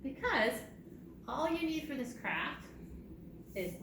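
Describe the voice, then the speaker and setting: A woman's voice: high voice, sing-song, slow. A woman librarian leading a preschool storytime, sing-song and playful, drawing out words for small children. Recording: distant, roomy, noisy recording.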